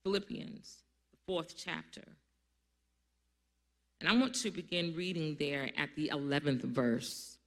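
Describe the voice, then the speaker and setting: A pastor preaching a sermon to a congregation, calling on people to answer back and building up to loud, emphatic lines. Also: medium pitch, measured pace, pauses often. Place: church service before a congregation.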